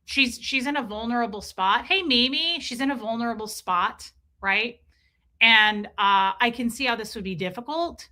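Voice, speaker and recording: A middle-aged woman talks through a casual livestream in a bright, ringing voice. She repeats points for emphasis and keeps breaking off to greet viewers in chat. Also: fairly high pitch, moderate pace. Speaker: livestream host reading chat.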